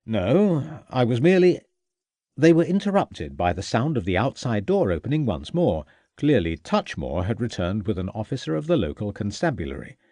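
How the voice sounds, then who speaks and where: Male audiobook narrator, steady and expressive, dry close mic. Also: fairly low pitch, fairly quick, no room sound. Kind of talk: scripted narration.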